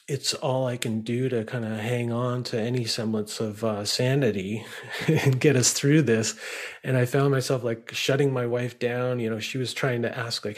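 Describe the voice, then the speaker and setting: A man talking candidly and reflectively in a conversation, searching for words with fillers and restarts. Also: mid-range voice.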